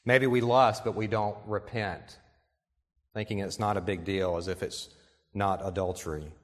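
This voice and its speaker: A male pastor delivering an earnest sermon, reading quotations aloud and slowing down to stress key points. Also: fairly low pitch, fairly even intonation. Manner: earnest preaching, reads quotations aloud, slows for emphasis. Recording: long reverb in a large hall.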